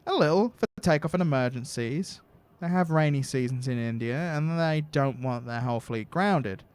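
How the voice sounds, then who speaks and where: A man voicing a brisk woman exhibitor in a game, proud of her wares, with a bright, informative manner. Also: medium pitch, clean tone, lightly acted.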